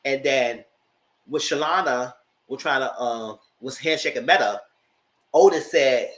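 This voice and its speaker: A man giving a chatty, animated recap of a TV show, talking straight to his viewers. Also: mid-range voice, unhurried. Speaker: vlogger recapping a reality show. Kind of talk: casual commentary. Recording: roomy echo.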